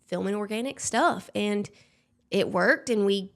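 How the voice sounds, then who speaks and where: A young woman from Alabama with a Southern accent, telling stories as a podcast guest in an animated, giggly way, often acting out quotes. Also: mid-range voice, a little slow. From Alabama, USA. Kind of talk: casual storytelling chat.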